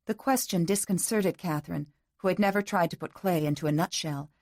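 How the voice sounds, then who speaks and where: Woman, audiobook narrator, measured, close mic, low pitch, dry. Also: a little mellow, no room sound. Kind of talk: scripted narration.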